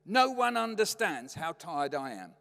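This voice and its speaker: Picture a worn-out father grumbling about how tired he is, his complaints rising and falling with lively swings, as a man acts him out. The voice sits a little high for a man. It rings with the long reverb of a big hall. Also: unhurried, gravelly, full character voice. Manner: exaggerated complaining. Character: weary grumbling middle-aged father.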